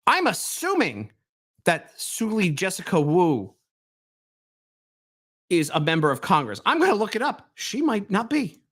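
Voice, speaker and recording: Sarcastic man with lively pitch. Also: measured pace, long pauses. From Southwest Baltimore, US. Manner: sarcastic, mocking, swings between mutters and loud outbursts. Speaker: commentary show host. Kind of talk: reaction commentary.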